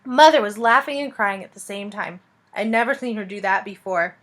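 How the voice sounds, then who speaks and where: A woman reading a children's fantasy book aloud in a lively, expressive way. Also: medium pitch, moderate pace. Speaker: reader. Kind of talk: storybook read-aloud narration.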